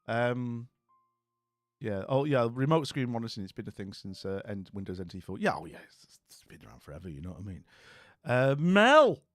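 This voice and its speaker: A friendly man chats away to his viewers in a mid-pitched voice. He rambles, stumbles and restarts often. The sound is dry and close, with faint music underneath. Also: very animated, normal speed, dry recording. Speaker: streamer chatting with viewers. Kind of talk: casual chat.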